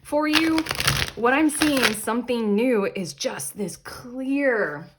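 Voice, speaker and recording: A young adult woman hosting a casual tarot reading, chatty and animated, often breaking into laughter. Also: a little high, slow pace, noisy background. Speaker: tarot reader and channel host.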